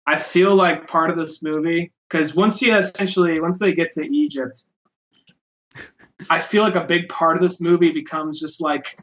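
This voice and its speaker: A man's voice: fairly high pitch, steady tone, normal speed, fairly bright tone, muffled recording. A man co-hosting a podcast, rambling casually about a movie with lots of fillers and swearing. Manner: rambling, profane, many fillers. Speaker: podcast co-host.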